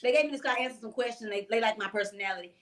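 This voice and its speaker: A woman, co-hosting a podcast and telling stories in an animated, chatty way with frequent laughs. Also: a little high, rapid-fire. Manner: animated, chatty storyteller who laughs often. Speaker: podcast co-host. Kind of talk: casual chat, storytelling.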